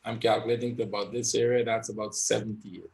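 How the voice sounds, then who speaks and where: A man's voice: lowish voice, little pitch movement, fast, gravelly, darkish tone. A man giving live trading session commentary as an instructor, thinking aloud and often tagging his points with "right?".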